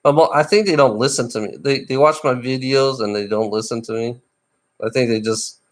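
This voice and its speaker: A man's voice: mid-range voice, a little fast. Profane, tired middle-aged man ranting. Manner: profane, bitter ranting with rough laughs. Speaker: livestreamer. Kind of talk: ranting live stream monologue.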